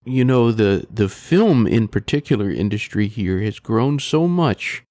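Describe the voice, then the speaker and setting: A man hosting an interview show, asking questions in a lively, conversational way. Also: lowish voice, measured pace, no room sound, studio quality. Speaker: radio interview host.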